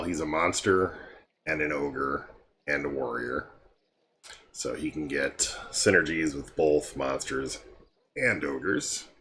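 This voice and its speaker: Very deep, slow, tired-sounding man. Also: slight background noise. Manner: relaxed, meandering, with many ums and asides. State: tired and yawning. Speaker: game guide creator. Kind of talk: casual game walkthrough commentary.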